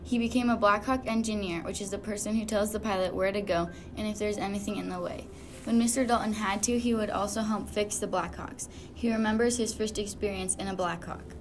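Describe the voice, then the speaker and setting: A young woman, a student, reading the scripted narration of a school podcast at a steady pace. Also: medium pitch, brisk, slight background noise.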